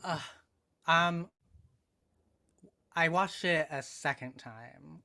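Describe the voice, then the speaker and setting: Bright-voiced man musing thoughtfully. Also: fairly high pitch, drawn-out words, vocal fry. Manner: thoughtful, hesitant with many fillers. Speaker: freelance writer, podcast guest. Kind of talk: casual podcast conversation.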